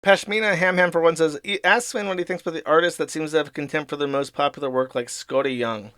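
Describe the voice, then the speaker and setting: A man's voice: fairly high pitch, steady tone, fast talker, pushed and bright, dry recording, studio quality. A man hosting a casual livestream, reading out viewer donations and rambling about them with frequent laughs and swearing. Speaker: livestream host.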